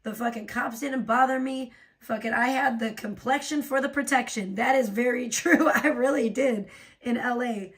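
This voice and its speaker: A woman's voice: a little high, moderate pace, distant mic. A woman hosting a livestream, ranting in a profane, rambling way and laughing often. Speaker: livestream host. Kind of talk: casual livestream rant.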